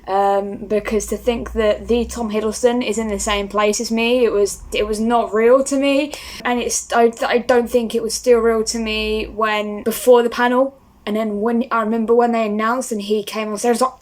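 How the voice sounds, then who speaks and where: A young woman vlogging to camera, gushing excitedly and talking casually with many fillers. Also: mid-range voice.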